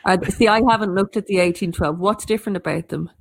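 An Irish woman who tells stories, chatting casually in quick, animated bursts with frequent restarts. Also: medium pitch, gravelly. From Ireland. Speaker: storyteller. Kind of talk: casual conversation.

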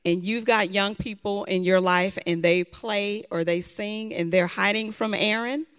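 A woman's voice: medium pitch, steady tone, measured pace, a bit bright, clean tone. A woman giving chatty thank-yous to an audience in a church, sometimes tripping over names. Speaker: event speaker giving thanks. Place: church hall. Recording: long hall reverb.

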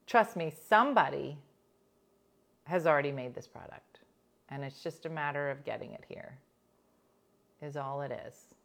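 Middle-aged lady w a philly on morning radio, kinda low voice, chatty, lots of "like". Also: unhurried, gravelly, pauses often. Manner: chatty, animated, peppered with "like" and laughs. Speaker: morning show host and comedian. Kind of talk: casual chat, storytelling.

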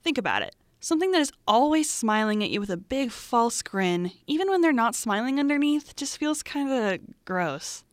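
A woman's voice: a little high, sing-song, normal speed, few pauses, dry recording, studio quality. A young woman hosting a student podcast, reading a script with wry asides to the listener. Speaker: student podcast host and reporter.

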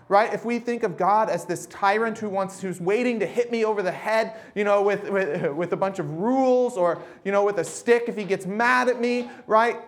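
Young male pastor, high voice, chatty sermon delivery with lots of asides. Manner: chatty, self-deprecating, many fillers and asides. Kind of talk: casual sermon.

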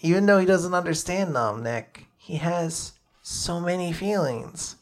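This man's voice sits high and unhurried as he co-hosts a podcast, giving a casual manga chapter recap, swearing offhandedly and eagerly voicing the characters' dialogue.

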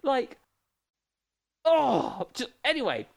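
A man co-hosting a casual comedic film review show, animated and mocking, from England. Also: very high voice, slow pace, gravelly. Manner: animated, mocking, does silly impressions. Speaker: podcast co-host.

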